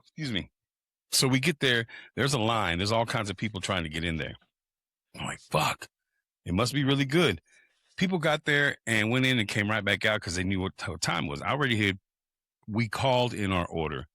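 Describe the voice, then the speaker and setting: A man's voice: lowish voice, normal speed, no echo, studio quality. A man telling a long story on a podcast, swearing freely and acting out what people said. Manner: animated, profane, acts out quoted people. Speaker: podcast co-host. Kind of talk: casual storytelling chat.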